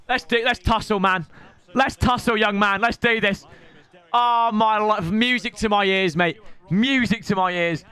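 A young man gives live commentary on the video game he's playing, getting excitable, teasing his opponent, and breaking into shouts. His voice is high and clean, and he speaks at an unhurried pace.

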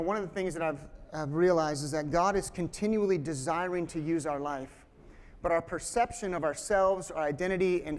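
A man's voice: on the high side, in a large hall. A man in his forties giving a sermon as guest speaker, opening with humorous family stories and often restarting his sentences. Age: 40s. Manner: joking, storytelling, frequent restarts.

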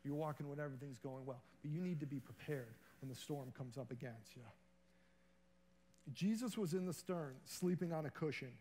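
A man's voice: on the high side, moderate pace, mellow, slight background noise. A man giving a sermon as a guest preacher in a church, earnest and conversational.

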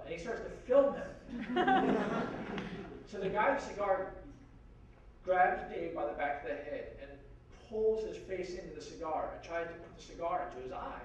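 Guy with a fairly high voice telling a wild story at a university talk, lots of "like", does everyone's voices, sounds far from the mic. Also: fairly quick. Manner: lively, acts out quoted voices, frequent "like" and "you know". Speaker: guest speaker at a university forum. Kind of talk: animated anecdote storytelling. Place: university lecture hall. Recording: very echoey hall from far off, faint noise.

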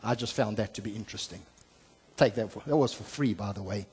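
A man preaching as a pastor, explaining scripture verse by verse, with frequent "uh" fillers and restarts, swinging between emphatic and soft, low delivery. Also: fast, breathy edge, big-room sound. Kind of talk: sermon. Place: church sanctuary.

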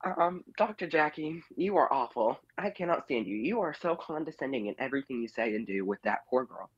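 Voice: mid-range voice, animated, brisk, breathy edge, dry recording. A caller giving a casual, blunt and opinionated rant about reality TV, scolding the cast members directly. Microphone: phone or online call-in. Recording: muffled call-in line.

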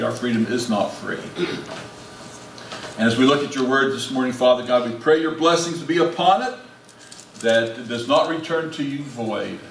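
A male pastor preaching a sermon and leading prayer in a folksy, conversational way with many restarts. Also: medium pitch. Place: church sanctuary. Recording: echoey church, distant, faint hiss.

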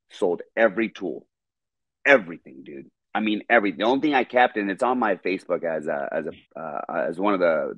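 A man guest on a podcast telling a story in a casual, animated, profane way, repeating words when excited. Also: deep voice, dry recording, lo-fi sound.

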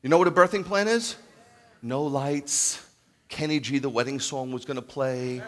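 A man in his fifties preaching as a rabbi, telling stories with jokes and acting out the dialogue in an animated sermon. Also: medium pitch, normal speed. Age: 50s. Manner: animated, jokey, acts out quoted dialogue. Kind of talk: humorous storytelling sermon.

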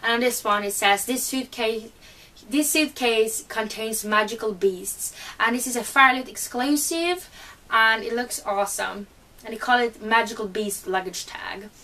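Higher-voiced woman with a cold. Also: bright, forceful tone, recorded from a distance, low-quality recording. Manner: chatty and eager, many fillers. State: has a cold. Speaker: book vlogger. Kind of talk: casual unboxing chat.

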